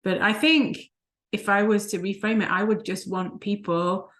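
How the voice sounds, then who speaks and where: A woman's voice: mid-range voice, steady tone, moderate pace, a bit bright. A woman, a life coach co-hosting a vlog, telling stories in casual chat and laughing often. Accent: non-American, unplaced. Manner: chatty storyteller who laughs often.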